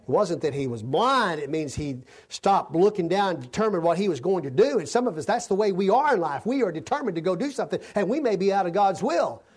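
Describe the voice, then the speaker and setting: A man's voice: high-pitched, expressive, a little fast, hardly any pauses, breathy edge. A male preacher giving an expository sermon, reading scripture aloud and breaking into folksy, conversational asides. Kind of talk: sermon, expository Bible teaching.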